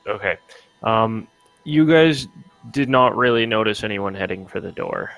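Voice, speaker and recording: A man's voice: on the low side, animated, measured pace, fairly bright tone, no room sound, soft background music, poor audio. Male game master, loose rambling narration, dry recording. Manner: rambling, full of fillers and restarts.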